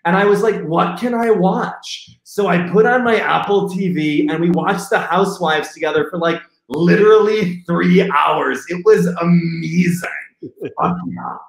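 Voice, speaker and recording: A man impersonating a gushing celebrity who rushes through stories and bursts into squealing outbursts. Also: high-pitched, creaky. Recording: roomy echo.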